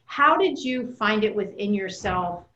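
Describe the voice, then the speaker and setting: A woman's voice: medium pitch, expressive, unhurried, sharp tone, dull audio. Woman host in an echoey room. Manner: encouraging, asks long framed questions. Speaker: podcast host. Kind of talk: interviewing a guest.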